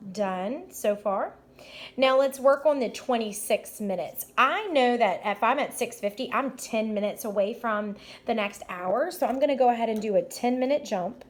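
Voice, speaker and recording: Upbeat woman walking through math problems. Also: a little high. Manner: upbeat, encouraging, thinks aloud step by step. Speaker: teacher. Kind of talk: math lesson walkthrough.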